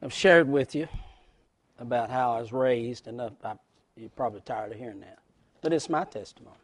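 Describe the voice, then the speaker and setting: A man with a West Virginia accent preaching a folksy sermon to a congregation, swinging from shouts to hushed words. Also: mid-range voice, brisk, breathy edge. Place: church service before a congregation.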